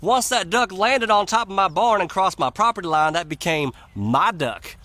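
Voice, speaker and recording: A grouchy, stubborn old farmer, put on by a man, who speaks bluntly and will not budge. His voice sits high and bright. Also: animated, moderate pace, no room sound. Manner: blunt and unbending.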